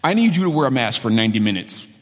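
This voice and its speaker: A man preaching a sermon as pastor of his church, earnest and halting, repeating phrases and restarting often. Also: medium pitch, sing-song. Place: church sanctuary. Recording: long hall reverb.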